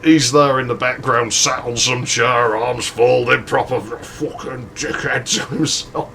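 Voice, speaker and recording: A man's voice: medium pitch, fairly even intonation, measured pace, vocal fry, pushed and bright. A man hosting a gaming channel, telling a crude, rambling story with frequent laughs. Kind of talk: casual storytelling over gameplay.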